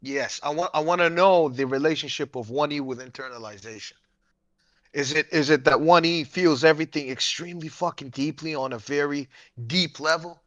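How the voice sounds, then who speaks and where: A man's voice: a little high, normal speed, fairly bright tone, dry recording, lo-fi sound. A man in casual chat, asking pointed questions in a blunt, profane way.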